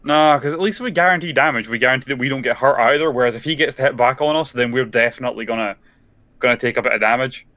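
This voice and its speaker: A man hosting a co-op game session, quick and dry with a joking manner. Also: mid-range voice, sharp tone, no room sound. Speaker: channel host and gaming partner. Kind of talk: live gameplay chat.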